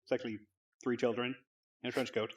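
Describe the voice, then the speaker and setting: A young woman co-hosting a book club, dropping deadpan jokes into the conversation. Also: rumbling low, quick pace. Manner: deadpan joking asides. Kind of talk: casual chat.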